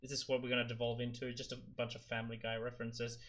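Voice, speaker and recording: A man's voice: mid-range voice, monotone, very fast, a bit bright. A young man co-hosting a podcast in casual chat, joking and laughing often. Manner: jokey, laughs often, breaks into silly sung impressions. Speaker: podcast co-host.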